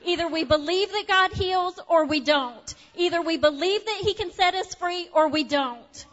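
A middle-aged woman preaches to her congregation in a high voice, earnest and heartfelt, moving between raised declarations and soft, hushed lines. The sound is a little dull, with a long reverb trailing through the church sanctuary. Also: moderate pace. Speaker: pastor. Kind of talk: sermon.

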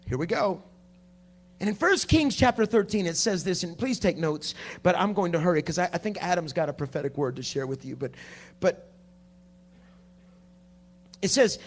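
A man preaching a sermon at a conference, dropping to a hush and then rising to shouting. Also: on the high side. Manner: swings from hushed to shouting preaching. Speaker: pastor. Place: conference hall.

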